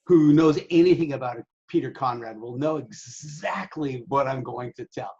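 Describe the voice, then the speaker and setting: A man telling profane, animated stories in a casual interview and acting out the people in them. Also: medium pitch, slightly rough, muffled recording. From Southern California. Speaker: interview guest, sailing website owner. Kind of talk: casual storytelling.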